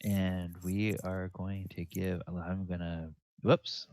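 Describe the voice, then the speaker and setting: A man running a tabletop game as dungeon master, narrating in a halting way full of ums and restarts. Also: low-pitched, level tone, a little mellow, no echo. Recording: dull lo-fi dry sound.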